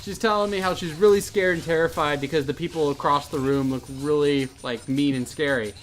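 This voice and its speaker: A man's voice: fairly high pitch, fairly even intonation, fairly quick. A man co-hosting a Let's Play, casually telling a story and laughing as he goes. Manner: laughs through his storytelling. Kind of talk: casual chat while gaming.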